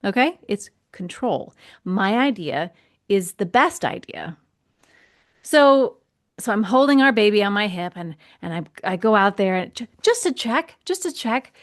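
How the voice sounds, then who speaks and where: A woman hosting a podcast, telling a personal story in a casual, animated way and acting out the voices in it. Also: mid-range voice, a little slow. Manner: animated, acts out quoted voices, laughs often. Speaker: podcast host.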